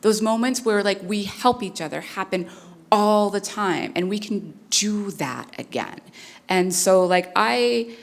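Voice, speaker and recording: A woman's voice: medium pitch, lively intonation, unhurried, creaky. A woman speaker telling a personal story on stage in an earnest, conversational way with many fillers. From Canada. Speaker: keynote speaker.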